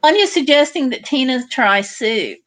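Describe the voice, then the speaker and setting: A woman's voice: sits high, animated, normal speed, a bit bright. Chatty woman reading out viewer comments. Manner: chatty, reads out viewer comments and answers them. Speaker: livestream host. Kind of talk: casual livestream chat reading viewer comments.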